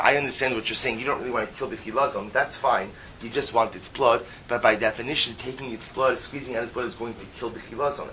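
Bright-voiced man teaching a Talmud class. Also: on the low side, a little hiss or hum, low-quality recording. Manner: explaining with rhetorical questions, mixing Aramaic terms into English.

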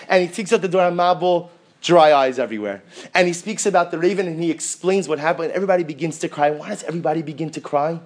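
Animated rabbi asking rhetorical questions. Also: male voice, mid-range voice. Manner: animated, rhetorical questions, mixes in Hebrew terms. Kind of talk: sermon-style Torah class.

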